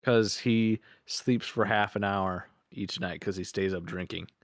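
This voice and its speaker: A young man with a lowish voice, chatting casually as a podcast co-host. He rambles through crude work stories and swears freely. The sound is close and dry. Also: fairly even intonation, unhurried, no room sound. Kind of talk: casual chat.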